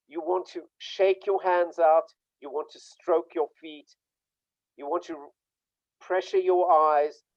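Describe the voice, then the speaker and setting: A man's voice: a little high, darkish tone, no room sound. Emphatic man telling stories over a dry, lo-fi call. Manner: emphatic storytelling, acts out quoted dialogue. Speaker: workshop speaker on burnout. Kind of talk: informal online talk.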